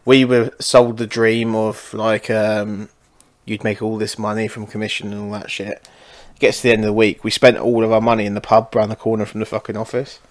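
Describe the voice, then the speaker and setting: A man's voice: on the low side, monotone, brisk. A man, co-hosting a podcast and chatting casually with short reactions. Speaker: podcast co-host. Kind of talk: casual chat.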